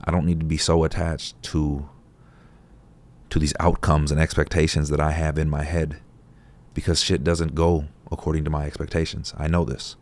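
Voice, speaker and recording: A man's voice: rumbling low, little pitch movement, moderate pace, a little mellow. A man talking casually and reflectively to camera in a laid-back, profane, conversational way. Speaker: vlogger.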